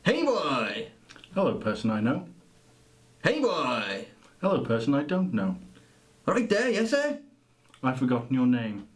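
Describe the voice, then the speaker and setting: A man playing Manx islanders trading gruff greetings in a Manx accent, in a clip played back from a distance. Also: medium pitch, huge pitch swings, unhurried, pauses often, pitched below the performer's own voice. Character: Manx islanders greeting each other, male.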